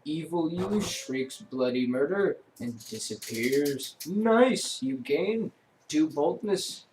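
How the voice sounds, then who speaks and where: A man's voice: fairly high pitch, expressive, slow, darkish tone, a little hiss or hum. A man reading a dating game aloud for a let's-play, casual and self-deprecating, stumbling over the text. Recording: roomy echoey room.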